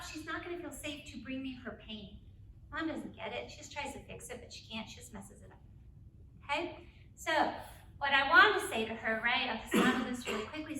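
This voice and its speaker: A middle-aged woman giving a live parenting talk to an audience, energetic, often checking in with "right?". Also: high voice, a little hiss or hum. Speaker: parenting speaker. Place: school auditorium. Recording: echoey room, mic from a distance.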